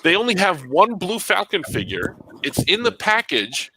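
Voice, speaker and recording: A man's voice: high voice, sing-song, normal speed, background noise. A man telling a long story in casual chat, acting out both sides of the conversation.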